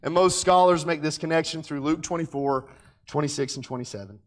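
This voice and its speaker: A male Bible teacher with a notably high-pitched voice speaks emphatically, rising to ringing declarations and then dropping to near-murmured asides. He stretches out key words, slowing right down to press a point home. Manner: emphatic, swinging between loud declarations and quiet asides; slows down to stress key words.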